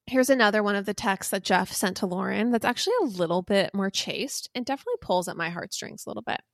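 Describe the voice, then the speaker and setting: A woman's voice: medium pitch, lively intonation, quick pace, vocal fry, no echo, studio quality. A young woman co-hosting a podcast, telling a gossip story with playful teasing and theatrical emphasis. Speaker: podcast co-host. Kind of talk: casual chat, storytelling gossip.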